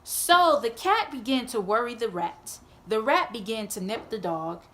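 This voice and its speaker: A woman at home reading a picture book aloud to her child, gently expressive and playful. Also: on the high side, measured pace, a little hiss or hum. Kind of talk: read-aloud storytelling.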